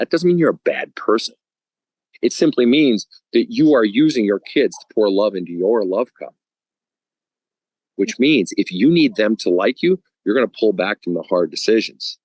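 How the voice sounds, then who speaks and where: A man's voice: fairly low pitch, normal speed, dry recording, rough recording. A man speaking as a guest counselor on a podcast, talking bluntly with casual swearing and acting out stories. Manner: blunt and profane, animated storytelling.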